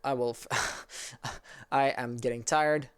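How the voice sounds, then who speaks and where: Man, Quebec French accent, smooth clear voice, casual streamer chatting with viewers. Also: mid-range voice, steady tone, slow pace, a bit bright. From Quebec, Canada. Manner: rambling and easygoing, answers chat as he reads it. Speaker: esports caster and streamer. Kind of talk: casual livestream chat with viewers.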